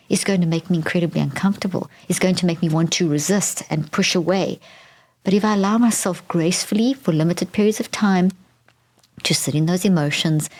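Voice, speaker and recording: A woman with a low voice carries a podcast on her own. She explains in an earnest way, often repeating a word or starting a sentence over as she works through her point. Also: a little mellow. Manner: earnest, repeats words and restarts while explaining. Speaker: podcast host.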